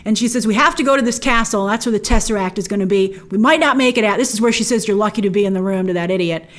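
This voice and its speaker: A woman's voice: mid-range voice, fast talker. A woman hosting an episode breakdown, narrating scenes with enthusiasm and playful quoted lines. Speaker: host.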